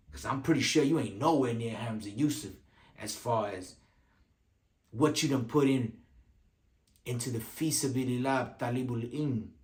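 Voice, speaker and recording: A man's voice: mid-range voice, roomy sound. A man giving casual video commentary, talking in streetwise slang and repeating lines for emphasis.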